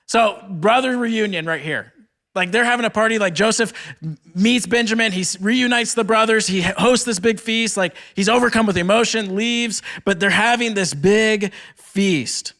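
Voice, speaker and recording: A young man with a notably high voice giving a sermon at a retreat. He moves between reading scripture aloud and retelling the story in loose, chatty speech full of "like". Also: normal speed, a bit bright. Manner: casual retelling peppered with "like". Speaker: speaker at a campus ministry retreat.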